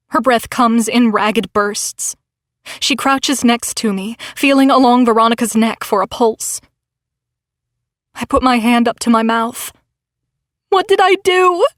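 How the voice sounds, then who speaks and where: A woman's voice: a little high, fairly bright tone, no room sound, studio quality. A woman narrating a novel in the first person with dramatic, tense storytelling. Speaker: audiobook narrator.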